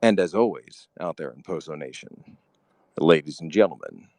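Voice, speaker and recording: Man, podcast host, pompous, drawn-out grandiose delivery, lively pitch. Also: vocal fry, dry recording. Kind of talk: comedic podcast talk.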